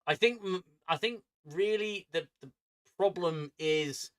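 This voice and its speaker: A man's voice: high-pitched, takes it slowly, fairly bright tone. A man with an angry manner who swears a lot, ranting casually on his livestream from home. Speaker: streamer.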